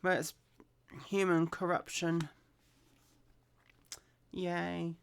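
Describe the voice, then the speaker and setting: A woman from Birmingham reading the Bible aloud unhurriedly and musing with quiet hums and asides. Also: on the low side, slow. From Birmingham, England. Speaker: scripture reader.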